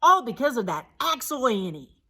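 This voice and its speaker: A woman's voice: on the high side, big pitch swings, moderate pace, bright, forceful tone, voice pushed up, full character voice. A woman voicing a grouchy, whiny man bus driver in a storybook, grumbling and complaining. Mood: whining.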